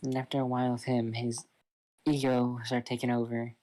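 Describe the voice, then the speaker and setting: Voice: mid-range voice, level tone, normal speed, mellow. A person casually retelling a fan-fiction story, rambling and loose with lots of fillers.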